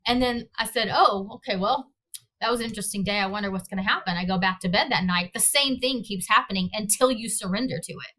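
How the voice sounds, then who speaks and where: A woman guest in an interview talks quickly in a mid-range voice that sounds pushed and bright. Telling a personal story, she rambles, gropes for words, and acts out how she reacted.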